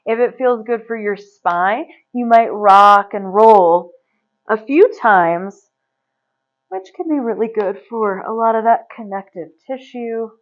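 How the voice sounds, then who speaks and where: A woman teaching a yoga class, giving relaxed, chatty instructions and laughing often. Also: a little high, slow. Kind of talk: guiding a live yoga class. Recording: slightly dull, lo-fi recording.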